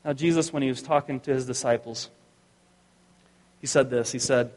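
A middle-aged male pastor preaching a sermon, telling a personal story in a conversational way and often dropping to soft, low tones. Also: fairly even intonation, moderate pace, pauses often, big-room sound.

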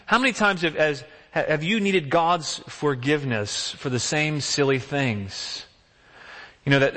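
A man's voice: mid-range voice, fairly bright tone, in a large hall. A man preaching a sermon as pastor, talking in a conversational way and asking the congregation many rhetorical questions.

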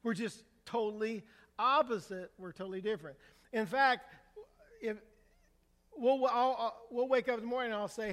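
An older male pastor preaching a sermon in a relaxed, storytelling way, with humor, asking the congregation questions. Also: very high-pitched, moderate pace, long reverb tail. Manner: conversational storytelling with humor, asks the crowd for a show of hands. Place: church sanctuary.

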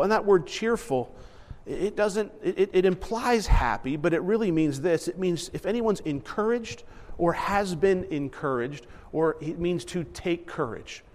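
High-voiced man preaching in a reverberant hall. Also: lively intonation, measured pace, a little mellow. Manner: conversational preaching, quotes others in higher voices. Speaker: pastor. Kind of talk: sermon. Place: church sanctuary.

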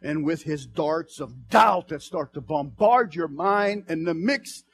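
Pastor, male, high-pitched, sermon delivery that swings between soft murmurs and fervent shouts. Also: animated, takes it slowly. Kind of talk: preaching sermon. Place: church.

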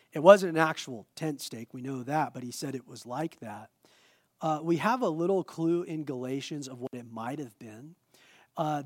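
A male pastor preaching a sermon in a lively, conversational way with self-deprecating humor. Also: on the high side, no echo, clean studio sound.

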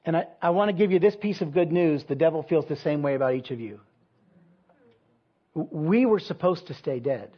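A pastor preaching in a loose, chatty way, filling his story with ums and self-deprecating asides. His voice is husky and a little higher than most men's. The recording sounds dull and lo-fi. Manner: conversational, self-deprecating storytelling with many fillers. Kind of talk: sermon with personal story.

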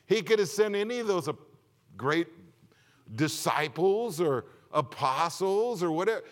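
The pastor, a middle-aged man, delivers his sermon expressively and a little slowly. He mixes booming points with low asides and keeps asking his congregation questions.

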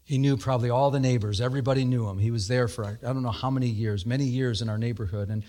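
A middle-aged man preaching a sermon, telling stories with animated energy and laughter. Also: fast talker. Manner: animated storytelling, laughing, rising to high emphatic peaks. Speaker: pastor.

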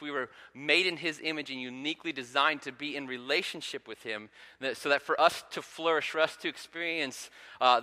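A man in his thirties preaching a sermon in a church, telling a family story in a relaxed, conversational way. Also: fairly high pitch. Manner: conversational storytelling with frequent ums. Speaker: pastor. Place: church sanctuary. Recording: long hall reverb.

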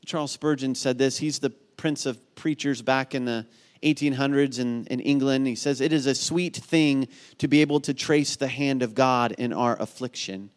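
A man preaching a sermon, telling stories with animated energy and often asking "right?" of his listeners. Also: medium pitch, moderate pace. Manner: animated storytelling, rising to near shouting at climaxes; asks the congregation "right?" again and again. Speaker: pastor.

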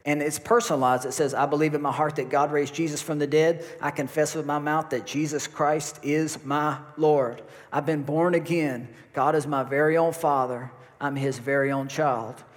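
A man's voice: on the high side, steady tone, moderate pace. Male pastor preaching in a reverberant church. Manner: emphatic preaching with repetition. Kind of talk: sermon. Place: church sanctuary. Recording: long hall reverb.

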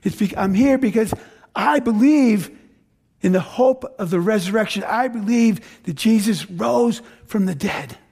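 A man's voice: sits high, animated, unhurried, creaky, a little mellow, breathy edge, exaggerated voice. A man preaching as the apostle Paul, telling in first person and with emphatic repeats how he became a believer. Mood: earnest. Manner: earnest first-person retelling, emphatic repetition. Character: apostle Paul, grown man, fervent former persecutor.

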